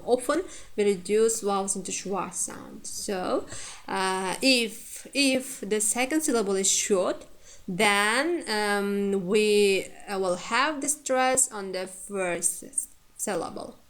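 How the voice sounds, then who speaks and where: A woman teacher lecturing on word stress, repeating each example word and pausing on frequent fillers. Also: medium pitch, fairly bright tone. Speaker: English phonetics teacher.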